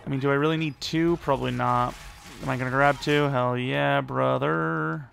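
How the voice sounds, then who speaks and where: A young man giving rambling, self-deprecating live commentary over a video game, with sudden excited outbursts. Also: medium pitch, moderate pace, vocal fry. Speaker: gaming YouTuber.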